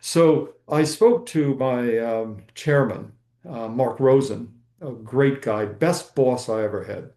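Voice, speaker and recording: An older man, a senior physician, answering in a rambling, anecdotal way with many pauses and fillers. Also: medium pitch, dark tone, echoey room. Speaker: guest physician. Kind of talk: storytelling interview answer.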